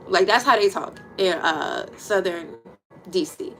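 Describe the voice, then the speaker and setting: A woman in her thirties with a Washington, D.C. accent, chatting casually and bluntly with her livestream viewers, swearing freely and dropping into quiet asides. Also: on the low side, unhurried, soft background music, rough recording. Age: 30s. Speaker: livestream host.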